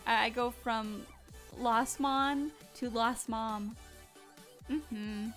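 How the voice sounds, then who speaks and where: A woman's voice: a little high, steady tone, extremely slow, a bit bright, soft background music. A tired woman streamer chatting casually on a desk mic, giggly and rambling. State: sleepy and tired. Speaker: live streamer. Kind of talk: casual live-stream chat.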